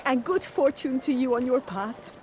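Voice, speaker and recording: A woman's voice: high-pitched, normal speed, a little mellow, a little hiss or hum, lightly acted. An actress playing a joyful young bride-to-be in a video game, speaking formally and gushing about her plans.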